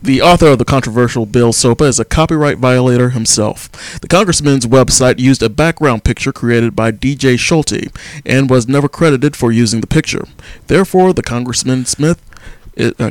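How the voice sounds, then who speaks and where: A man co-hosting a casual podcast, reading out news stories with quick interjections. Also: mid-range voice, dry recording. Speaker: podcast co-host. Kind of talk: casual chat.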